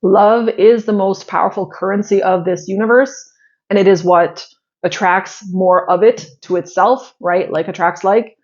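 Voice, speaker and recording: A woman's voice: medium pitch, steady tone, normal speed. Woman in her 30s, spiritual host, chatty heartfelt pep talk to viewers, blunt now and then, slightly dull lo-fi sound. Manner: chatty, heartfelt, full of "like" fillers, blunt with swearing. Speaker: spiritual astrology channel host.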